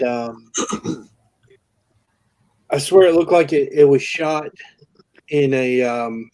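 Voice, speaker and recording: A man with a mellow, dark-toned voice chats casually. He stops and restarts often, padding his sentences with fillers as he searches for words. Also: mid-range voice. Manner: halting, many fillers and restarts. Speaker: podcast co-host. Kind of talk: casual chat.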